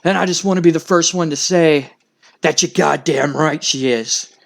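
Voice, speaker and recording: A man's voice: fairly high pitch, moderate pace, vocal fry. A man voicing an arrogant male wrestling champion who blusters and swears. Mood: indignant. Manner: blustering, cursing.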